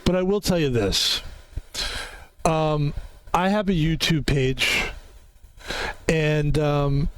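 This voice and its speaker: A man's voice: on the high side, slow, long pauses, clear, resonant tone. A man streaming from home, rambling through a casual sign-off with music playing behind him. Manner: rambling, chatty, self-promoting. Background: background music.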